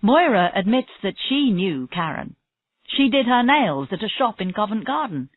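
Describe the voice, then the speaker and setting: A woman reading a calm, persistent female detective. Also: mid-range voice, moderate pace, dry recording, voice pushed up. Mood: probing. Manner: steady, pressing questions. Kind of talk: reading a graded story aloud. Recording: tinny phone-like audio, dry.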